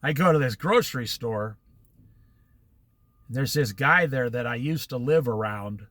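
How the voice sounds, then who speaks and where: A vlogger talks casually to camera outdoors near the shore, a chatty storyteller who drifts into moralizing asides. His mid-range voice is animated and a bit bright, he speaks unhurriedly, and there's no echo.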